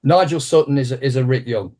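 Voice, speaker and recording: A man in his sixties, an interview guest and martial arts teacher, telling an anecdote with lively restarts. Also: mid-range voice, a little fast. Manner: animated anecdotal storyteller with frequent restarts. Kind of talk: conversational interview storytelling.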